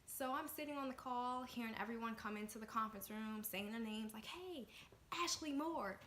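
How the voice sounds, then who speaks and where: Animated young woman in an echoey room. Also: a little high, a little fast. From Washington, D.C. area, USA. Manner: animated, excitable storytelling with many fillers. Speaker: vlogger. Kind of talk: storytime vlog. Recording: echoey room with faint noise.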